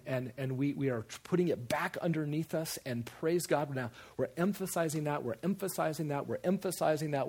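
A man preaching a sermon, animated, repeating phrases for emphasis and jumping into quoted voices. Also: mid-range voice, breathy edge.

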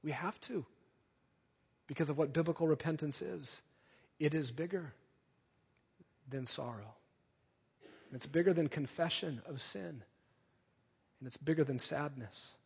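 A male preacher giving an earnest sermon, rising to emphatic peaks and dropping soft again. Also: fairly high pitch, a little slow, vocal fry, long pauses, slightly rough. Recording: dull sound with long hall reverb.

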